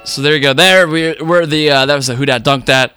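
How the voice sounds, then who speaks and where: A man's voice: fairly high pitch, fairly quick, bright, forceful tone, smooth, soft background music. A man co-hosting a sports podcast, talking casually about basketball with loose, rambling phrasing and fillers.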